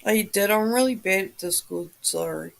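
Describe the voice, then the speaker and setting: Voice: medium pitch, moderate pace, creaky, a bit bright. A livestream host in a just-woken-up morning voice, chatting casually with viewers and greeting them by name.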